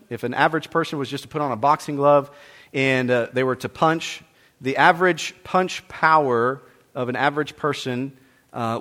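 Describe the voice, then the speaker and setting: A man preaching a sermon, reading scripture aloud and acting out the quoted exchanges with rising fervor, then dropping to a quiet, conversational tone for an illustration. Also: medium pitch.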